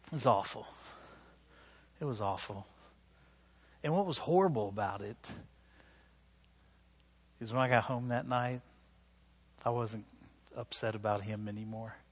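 A male pastor preaching a sermon, telling a self-deprecating story in an animated way and closing with a call to prayer. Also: fairly low pitch, husky.

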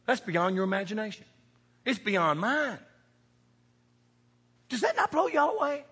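A pastor from American farm country works his congregation with a folksy, sing-song sermon, delivered a little slowly. His high, bright voice has a husky grain, sinking to quiet asides before climbing to shouts. The long reverb of a church sanctuary fills the recording.

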